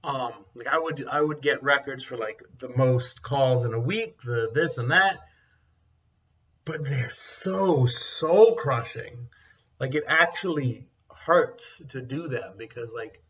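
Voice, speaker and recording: A man's voice: medium pitch, slow pace, fairly bright tone. A young man chatting casually as a co-host. He talks bluntly and rambles, full of fillers. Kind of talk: casual chat. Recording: dull, distant mic sound.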